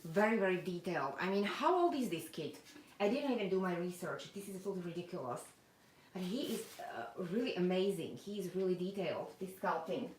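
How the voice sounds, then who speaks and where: There's a faint hiss or hum behind this woman's lowish, expressive voice, and she moves briskly. Hosting a casual unboxing live stream as a doll collector, she chats away in an echoey room, reading comments aloud amid many fillers.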